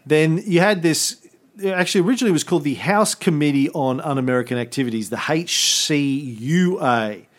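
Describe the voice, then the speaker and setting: A history podcast co-host explains events in a loose, rambling way, full of fillers and self-corrections. His voice is a little high and brisk.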